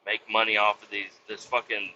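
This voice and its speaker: This fairly low-pitched man speaks at a moderate pace over lo-fi sound with a bit of background noise. He's a trucker from Kansas, driving while he tells loose, foul-mouthed stories and animatedly imitates whoever he's quoting.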